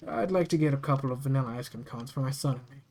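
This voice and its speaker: A storyteller voicing a sad father who speaks in a soft, low voice in a spooky story. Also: fast talker, lightly acted. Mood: subdued.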